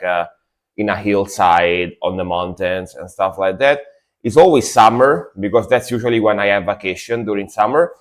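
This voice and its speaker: A man chatting casually to viewers on a livestream, sleepy from just waking up, rambling and repeating himself with lots of fillers. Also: on the low side. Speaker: streamer.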